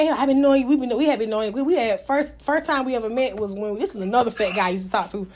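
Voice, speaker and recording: High-voiced blunt woman telling stories. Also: rapid-fire, hardly any pauses, a little hiss or hum. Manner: blunt, profane, animated, acts out quotes. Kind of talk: casual chat, frank storytelling.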